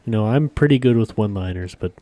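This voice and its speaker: A man co-hosting a podcast in easy casual chat, relaxed and quick to laugh. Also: fairly low pitch, no room sound. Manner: laid-back, laughs often. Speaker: podcast co-host.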